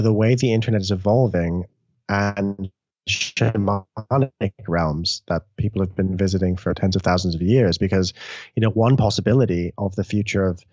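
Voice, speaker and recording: A man talking as a guest author, animated and loose, often restarting his sentences and swearing casually. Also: fairly low pitch, dry recording. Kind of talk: conversational interview. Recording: dull lo-fi dry audio.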